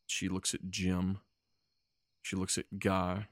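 A man running a tabletop game with casual, chatty narration. His voice is very low. The sound is dry and close. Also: monotone, slow pace, no room sound. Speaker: game master.

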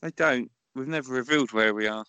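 A man's voice: medium pitch, fairly quick, bright, forceful tone, smooth, dry recording. A man co-hosting a podcast in casual chat, making dry, wry remarks. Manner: dry, wry one-liners. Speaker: podcast co-host.

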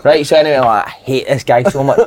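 A man, a podcast co-host and former footballer, telling a lively, swear-filled dressing-room story in casual chat. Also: medium pitch, fast. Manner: swearing, animated anecdote-telling with put-on voices.

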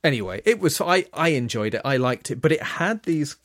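A man's voice: a little high, very animated, fairly quick, a bit bright, dry recording. Male podcast co-host, forties, meandering casual storyteller, dry close recording. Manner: rambling, self-correcting storytelling. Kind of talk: casual chat.

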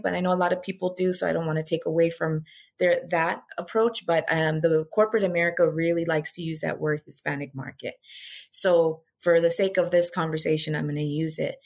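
A middle-aged woman and former radio host, talking earnestly and reflectively as an interview guest, with frequent "you know" asides. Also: low voice. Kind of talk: casual interview conversation.

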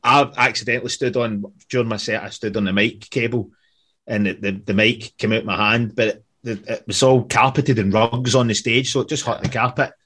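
A man's voice: medium pitch, steady tone, a little fast, a bit bright, husky. A man telling sweary, laughing stories in casual chat as a band member on a podcast. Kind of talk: casual storytelling.

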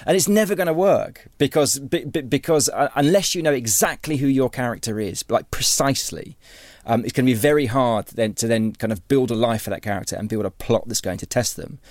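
A man's voice: mid-range voice, fairly quick, hardly any pauses, a little mellow, no echo, clean studio sound. A man, an author and writing teacher, explaining ideas in a conversational interview, rambling with many restarts and repeated words.

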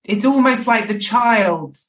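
A woman's voice: a little high, lively intonation, unhurried. A woman speaking as a podcast guest, frank and reflective, often restarting her phrases. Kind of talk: candid podcast conversation. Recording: echoey, distant mic.

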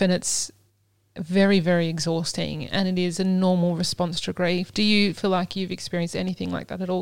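A woman's voice: lowish voice, clear, resonant tone, no room sound. A woman co-hosting a podcast, talking candidly and casually with lots of fillers. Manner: candid, chatty, many fillers. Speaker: podcast co-host.

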